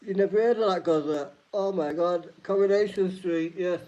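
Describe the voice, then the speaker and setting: A man's voice: high-pitched, steady tone, normal speed, mellow. A man hosting a live-stream trivia night, reading each question twice and greeting chat viewers by name. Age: adult. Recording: dull lo-fi stream audio.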